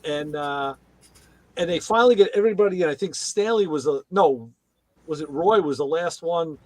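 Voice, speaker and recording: A man's voice: fairly high pitch, moderate pace, a little mellow, dry recording. A man chatting casually on a podcast, retelling TV episodes and acting out the characters' lines in raised voices. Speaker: podcast co-host.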